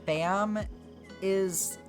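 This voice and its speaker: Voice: mid-range voice, steady tone, drawn-out words. Chatty streamer from Georgia, music behind. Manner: chatty, thinks aloud with many "like"s and restarts. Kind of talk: casual chat, reading and answering live chat. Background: background music.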